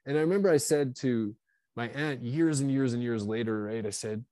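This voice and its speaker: A man in his fifties with a warm, mellow voice tells stories from his own life, animated and confessional, full of fillers and quick restarts. The sound is dry and close, with no room echo. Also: medium pitch. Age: 50s. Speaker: guest author. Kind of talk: candid storytelling.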